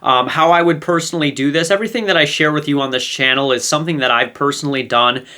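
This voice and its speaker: A man's voice: on the high side, quick pace, pushed and bright. A man hosting a relationship advice video, explaining casually and checking in with 'okay?' after his points. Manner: conversational, with many fillers and restarts. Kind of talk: casual teaching monologue.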